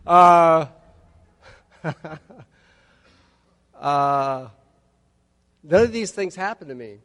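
Man in his 50s, slightly high voice, wry personal testimony with jokes, long hall reverb. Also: lively intonation, very slow, a bit bright. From Texas. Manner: wry storytelling with humorous asides. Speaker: recovery meeting speaker. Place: large hall at a conference.

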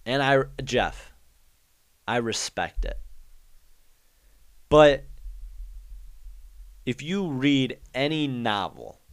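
A man's voice: mid-range voice, clear, resonant tone. A young man hosting his own podcast, talking alone in a rambling, joking, ranting way. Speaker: podcast host. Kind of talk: casual solo monologue.

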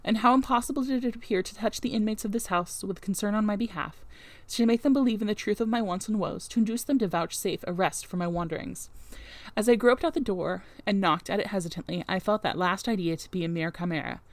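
A woman's voice: mid-range voice, quick pace, dry recording. Woman reading a classic novel aloud. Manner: expressive reading, wry offhand asides. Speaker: audiobook reader.

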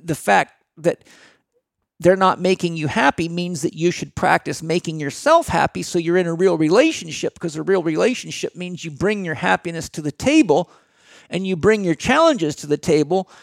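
Middle-aged male guest, blunt lecturing delivery, gravelly high voice. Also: no echo, clean studio sound. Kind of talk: motivational talk.

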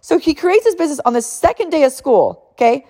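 A mother in her thirties tells an animated, emotional family story, laughing often as she encourages other mothers. Her voice is high-pitched and her pace brisk.

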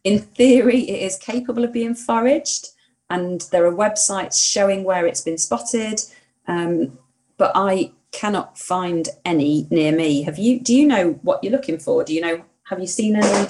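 A woman from England co-hosting a podcast, chatting enthusiastically, laughing often and firing off quick questions. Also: fairly low pitch, darkish tone. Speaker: podcast co-host, hedge witch. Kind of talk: casual chat.

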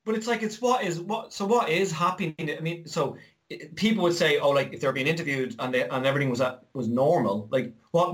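Irish man, slightly high voice, lively storyteller for a casual chat. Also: a little fast. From Ireland. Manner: animated storyteller, acts out quoted voices.

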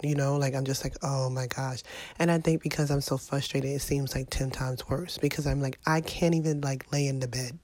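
A woman's voice: extremely low pitch, fairly even intonation, brisk, a little mellow, no room sound. A middle-aged woman with a sinus infection, venting to her viewers in a casual, exasperated vlog monologue. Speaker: vlogger.

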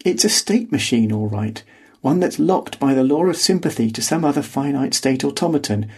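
A man's voice: mid-range voice, animated, moderate pace, slightly rough. A man narrating a first-person story in a dry, wry storytelling manner. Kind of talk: scripted fiction narration. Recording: podcast audiobook reading.

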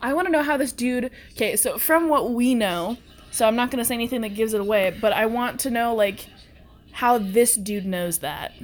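A young woman co-hosting a casual movie reaction chat, excitable and quick to shriek and laugh. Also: a little high. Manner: excitable, shrieks and laughs often at scary scenes. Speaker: co-host of a movie reaction video.

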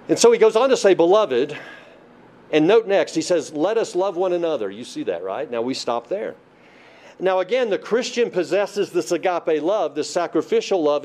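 Emphatic male preacher, slightly high voice. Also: darkish tone. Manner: emphatic, repeats key phrases, asks and answers his own questions. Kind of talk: sermon.

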